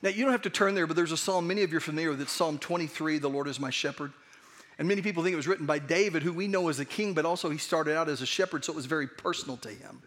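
A pastor gives his sermon in a high, light voice. He talks in a conversational, earnest way, stumbling and restarting as he goes. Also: rapid-fire, fairly bright tone. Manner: conversational, earnest, with frequent restarts and acted asides.

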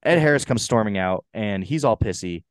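A young man co-hosting a casual movie review podcast, animated and swearing freely as he acts out lines. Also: on the low side, moderate pace, no room sound, studio quality. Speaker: podcast co-host. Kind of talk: casual chat.

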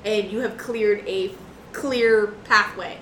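A woman running a tabletop game as game master, narrating the action in a lively, casual way. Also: medium pitch, slow pace, a little hiss or hum. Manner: lively, swearing, laughs often. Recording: roomy echo.

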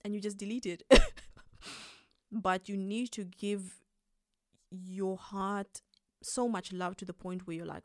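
A woman hosting a casual advice monologue, animated and quick to laugh as she acts out little scenes. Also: mid-range voice, no room sound, studio quality. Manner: animated, acts out quoted reactions, laughs often. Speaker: podcast host.

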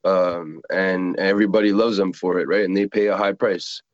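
A man guesting on a stream, with a very deep voice. His audio comes through a dull, lo-fi line, close and dry. He talks haltingly, leaning on fillers as he goes. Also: fairly even intonation, no echo. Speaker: interview guest. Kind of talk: casual conversation.

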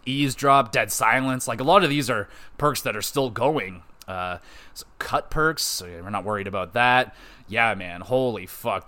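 A man's voice: medium pitch, a bit bright. Profane, enthusiastic male podcast host. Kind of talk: casual gaming podcast chat.

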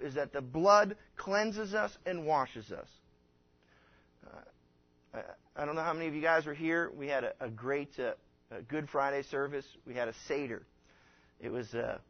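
A man preaching a conversational sermon as a pastor, folksy and rambling, acting out the people he quotes. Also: medium pitch. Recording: dull lo-fi recording.

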